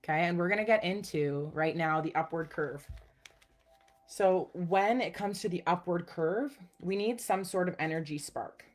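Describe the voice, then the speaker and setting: A woman's voice: lowish voice, moderate pace, faint music behind. A young adult woman coaching viewers in a casual, upbeat teaching chat, often checking in with "okay" and "guys". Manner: upbeat, chatty, says "okay" and "guys" a lot. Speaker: personal growth coach.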